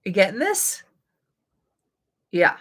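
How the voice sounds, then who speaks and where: A woman coaching an online audience in a relaxed, conversational way. She leans on rhetorical questions and coaxing prompts, her speech loose and filled with casual "like"s. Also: medium pitch, takes it slowly. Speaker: intuitive life coach. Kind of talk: live coaching session answering viewer questions.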